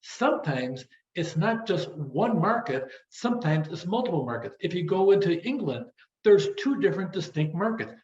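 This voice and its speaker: An American man, a business instructor, giving a recorded lecture on strategy in a quick, talkative way, repeating the same phrases. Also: high voice, big pitch swings, darkish tone. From United States. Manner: fast-talking, repetitive "as you go through". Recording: roomy, dull lo-fi audio.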